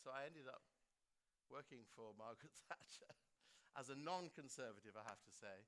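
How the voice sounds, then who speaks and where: An older man from England giving an anecdotal speech at a book launch, animated and laughing often as he acts out quotes. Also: mid-range voice, moderate pace. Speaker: guest speaker at a book launch. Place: school theatre.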